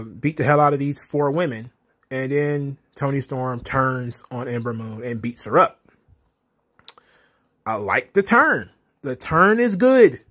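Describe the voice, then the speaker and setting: A man's voice: on the high side, fairly bright tone. A young man giving a casual, exasperated recap of a wrestling show, ranting with repeated emphasis.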